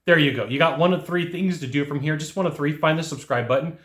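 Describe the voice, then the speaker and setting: A man's voice: a little high, fast talker. A man runs a sales lesson in a slightly raised voice, drilling the same points again and again and playing both sides of a customer chat. His voice bounces around a reverberant room. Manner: coaching, repetitive, acts out customer dialogue. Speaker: sales trainer. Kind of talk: instructional talk to camera.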